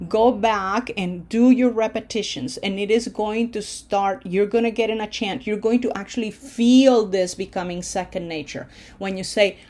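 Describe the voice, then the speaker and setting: A woman's voice: medium pitch, a little mellow. A woman teaching Spanish verb forms in English, explaining patiently step by step and checking in with "okay?". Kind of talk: online language lesson.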